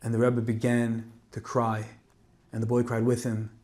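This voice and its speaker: A man delivers a Torah talk as a dramatic story. His delivery swings between forceful emphasis and quiet, hushed passages. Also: medium pitch, monotone, a little slow. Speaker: speaker giving a Torah talk. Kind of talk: emotional storytelling sermon.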